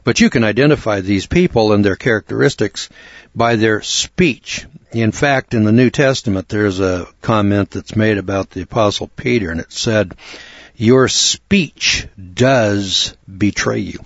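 A low-pitched man gives a deliberate, measured Bible lecture and clears his throat now and then. The recording is dry and somewhat dull, with no room sound around the voice. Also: dry recording. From United States. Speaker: Bible teacher.

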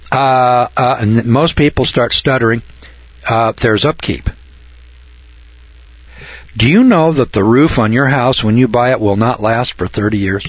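A man walks a class through a list of numbers in a folksy, sarcastic tone. His pitch sits in an everyday middle range, and he sometimes puts on mock amazement. The recording is dry and dull, with a lo-fi sound. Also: dry recording. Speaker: financial lecturer. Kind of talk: lecturing through figures.

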